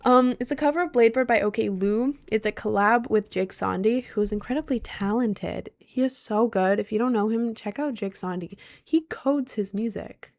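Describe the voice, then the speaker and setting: A young woman in her twenties talks casually to her stream while still out of breath, giggling and rambling between topics. Her voice sits a little high for a woman. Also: moderate pace, hardly any pauses. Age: 20s. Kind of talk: casual chat.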